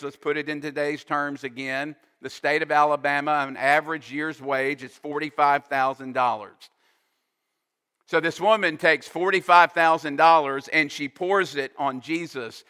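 Slow, bright-voiced preacher in a hall. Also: male voice, on the high side. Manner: slow, emphatic preaching with explanatory asides. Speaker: pastor. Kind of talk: sermon. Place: church sanctuary. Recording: long reverb of a hall.

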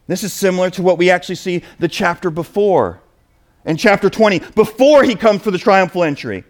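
High-voiced man preaching a sermon. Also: brisk. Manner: emphatic, asks the audience questions. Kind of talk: sermon with scripture reading.

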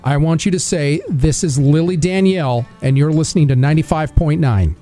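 A man hosting a studio radio interview, upbeat and full of praise for his guest. His voice sits a touch high with a mellow, relaxed tone. Soft music plays faintly underneath. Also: a little fast. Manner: upbeat, effusive. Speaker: radio host.

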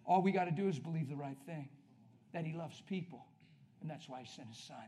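A man preaching at a healing service in an energetic, conversational way, coaching the congregation with quick questions. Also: fairly high pitch. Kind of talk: sermon.

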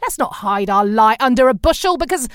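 A British woman hosting a podcast, cheering her guest on with encouragement. Her voice is a bit high, and it sounds dry and close with no room around it. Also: animated, brisk, clear, resonant tone, dry recording. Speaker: podcast host. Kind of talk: casual interview chat.

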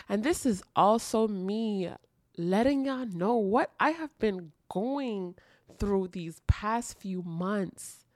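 Her medium-pitched voice comes through at studio quality with no room sound. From a dark room at home, this podcast host speaks in an intimate confessional monologue, earnest and emotional, returning to phrases for emphasis.

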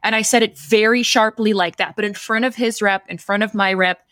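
Woman, podcast co-host; lively storyteller who acts out the dialogue; dry close mic. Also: medium pitch, a little fast, no room sound. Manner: animated, acts out quoted dialogue. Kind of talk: casual storytelling chat.

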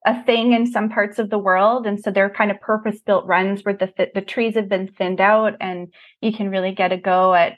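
A woman's voice: medium pitch, fairly even intonation, normal speed, dull audio. A woman speaking as an enthusiastic guest in a casual interview chat, describing things in an upbeat way. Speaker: guest, ski resort expert.

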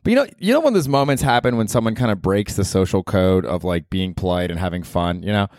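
Low-voiced guy rambling through stories. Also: expressive, fast, a little mellow, no echo, clean studio sound. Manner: rambling, profane storytelling with chuckles. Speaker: podcast host. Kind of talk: casual solo podcast monologue.

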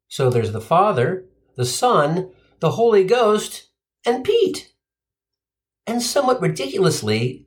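Sardonic, profane male comic, lively pitch. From Cincinnati, USA. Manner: sardonic, profane, punchline-driven. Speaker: stand-up comedian. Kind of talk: comic monologue.

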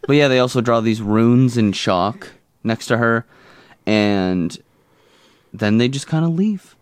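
A man's voice: medium pitch, expressive, slow, clean tone, dry recording, clean studio sound. A man co-hosting a podcast, recapping a TV episode in casual chat with jokey, rambling asides. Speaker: podcast co-host.

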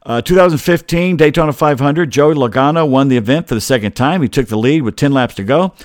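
A man's voice: medium pitch, dry recording, clean studio sound. A middle-aged man from Georgia hosting a casual on-this-day sports history rundown, rambling and digressing as he loses his train of thought. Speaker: sports talk host.

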